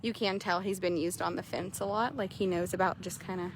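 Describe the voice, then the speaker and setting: A young woman horse trader chatting casually outdoors at an arena, quick and loose, swearing now and then. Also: lowish voice, steady tone, noisy background. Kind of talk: casual narration while riding.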